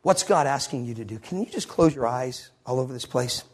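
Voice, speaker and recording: A man preaching a sermon, telling a story and swinging between loud moments and hushed ones. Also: mid-range voice, lively intonation, brisk.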